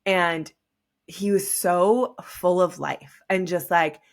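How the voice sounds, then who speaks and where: A woman's voice: fairly low pitch, steady tone, slow. A young woman hosting a podcast, telling a personal story in a casual, chatty way, full of "like.". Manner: chatty, heavy use of "like". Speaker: podcast host.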